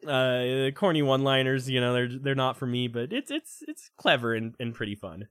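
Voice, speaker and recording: A young man in casual, animated chat about a video game, full of restarts and laughter. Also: mid-range voice, normal speed, clean tone, dry recording, studio quality. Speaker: game review podcast co-host.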